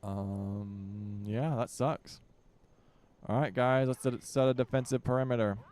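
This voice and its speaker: A man's voice: medium pitch, steady tone, a little slow, a little mellow. A young man giving casual commentary while playing a strategy game, barking orders at his units and grumbling with joking exasperation. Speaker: gaming channel host.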